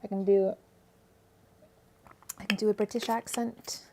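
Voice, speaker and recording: A woman's voice: medium pitch, level tone, unhurried, a little mellow, a little hiss or hum. A woman with a Californian accent reading tarot on a casual livestream, rambling and chatty with many fillers, restarts and laughs. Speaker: tarot reader. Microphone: own microphone at home.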